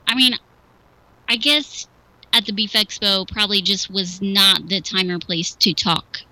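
A woman's voice: medium pitch, fairly even intonation, a little slow, pushed and bright, no room sound, rough recording. A female radio co-host who talks in a hesitant, hedging way, full of "I mean"s. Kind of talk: local talk radio banter. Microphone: studio microphone.

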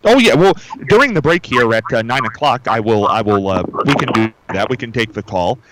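Male radio host, animated pitch, friendly questions, faint background noise. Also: brisk. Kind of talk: radio interview.

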